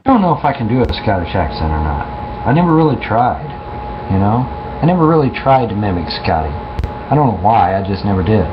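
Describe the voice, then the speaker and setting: A man's voice: on the low side, big pitch swings, fairly quick. A man casually telling a long story to his listeners, profane and rambling, often repeating and restarting himself. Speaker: streamer talking to listeners. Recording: muffled with clear background noise.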